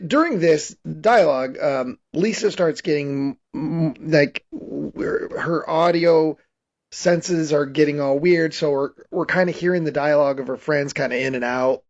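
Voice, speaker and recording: Here a male podcast host, his voice a little high, rambles through a casual movie recap at a measured pace, often restarting and laughing. The sound is muffled and lo-fi.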